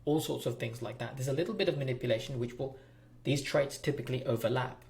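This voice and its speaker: A man's voice: mid-range voice, fast talker, creaky, a little mellow. A man hosting a relationship advice talk, speaking bluntly and preachily straight to his viewers. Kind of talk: direct-to-camera advice monologue.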